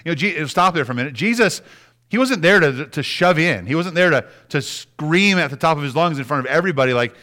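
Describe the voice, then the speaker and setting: Man preaching with soft, quiet drops. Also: on the high side, a little fast. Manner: animated preaching, dropping to soft near-whispers for emphasis. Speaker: pastor. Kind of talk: sermon.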